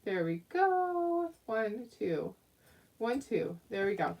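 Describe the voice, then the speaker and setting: A woman's voice: a little high, very animated, takes it slowly, darkish tone, husky, distant mic. A woman hosting a casual craft tutorial at home, chatty and giggly as she talks viewers through each step.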